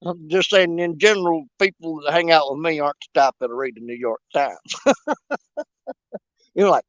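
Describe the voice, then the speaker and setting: A man's voice: on the high side, moderate pace, pauses often, a bit bright, no echo, highs cut off. A man chatting on a fishing livestream from a riverbank, joking and rambling in a folksy way. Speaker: fishing vlogger. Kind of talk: casual livestream chat. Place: outdoors on a riverbank.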